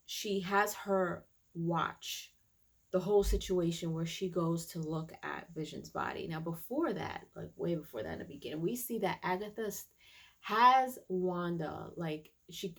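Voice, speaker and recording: A woman talks through a TV episode for her channel in a loose, chatty recap. She keeps reaching for "um" and "like" and restarting her sentences. Her voice sits a little low, with a gravelly edge. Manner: chatty, many fillers and restarts. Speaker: YouTube TV reviewer.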